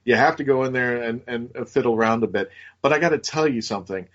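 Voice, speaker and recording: A man's voice: mid-range voice, quick pace. Male talk-show host, 40s, loose and laughing, lo-fi audio. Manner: jokey, stumbling, laughs often. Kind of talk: radio talk show hosting.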